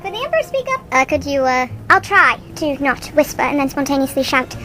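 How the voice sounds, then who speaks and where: A woman's voice: sits high, sing-song, fairly quick, bright, forceful tone, voice pushed down, heavily acted. A woman playing a timid senator at the back of the room, mumbling and apologetic.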